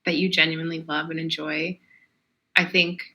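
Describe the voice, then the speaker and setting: A woman co-hosting a casual chat podcast, talking in a relaxed, reflective way with many fillers. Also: low-pitched, moderate pace. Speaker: podcast co-host.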